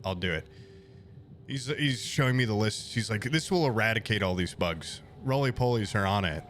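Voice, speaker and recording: Animated swearing streamer man telling a story. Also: fairly low pitch, slight background noise. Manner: animated, profane, rambling anecdote with quoted voices. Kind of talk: casual storytelling to chat.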